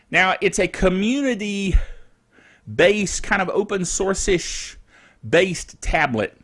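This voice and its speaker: Middle-aged male tech-news host, high voice with lots of swing, chatty and rambling, chuckles between thoughts. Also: fairly bright tone. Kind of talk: casual tech news chat.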